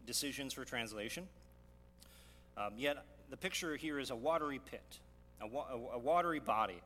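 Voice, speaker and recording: A male pastor with a mid-range, slightly bright voice preaches a sermon, teaching verse by verse. He asks rhetorical questions and restarts often. The hall gives a long reverb, with a faint hum underneath.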